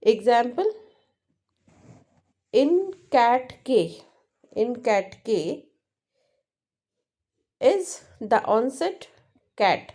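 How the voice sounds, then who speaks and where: A woman teaching linguistics, explaining exam answers slowly and repeating points, often checking with "right?". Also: a little high, sing-song, darkish tone. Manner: slow, repetitive, keeps checking with "right?". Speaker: English teacher.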